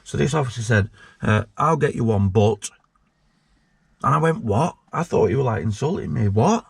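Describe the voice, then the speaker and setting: A man's voice: medium pitch, expressive, normal speed, gravelly, slightly rough, no room sound. A man, a former prisoner telling his story casually as an interview guest, blunt and sweary, acting out the voices in his story. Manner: blunt and sweary, acts out quoted dialogue.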